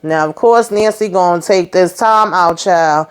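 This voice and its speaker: Give me a chatty woman with a somewhat low voice, rambling through a TV recap. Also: unhurried, clean tone. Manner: chatty, rambling, many asides of "you know". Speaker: host. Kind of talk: casual TV episode recap.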